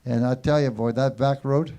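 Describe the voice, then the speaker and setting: A man's voice: mid-range voice, fairly even intonation, normal speed, mellow. A man emceeing an open mic, telling a rambling story and then introducing the next performer heartily. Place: small showroom stage.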